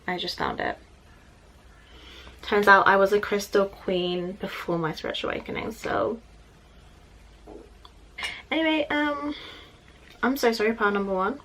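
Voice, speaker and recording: A woman's voice: medium pitch, steady tone, moderate pace, a bit bright. Chatty young woman doing a tarot reading. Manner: chatty, apologetic, easily distracted. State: slightly out of breath. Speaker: tarot reader. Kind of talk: casual tarot reading vlog. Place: bedroom at home, sitting on the floor.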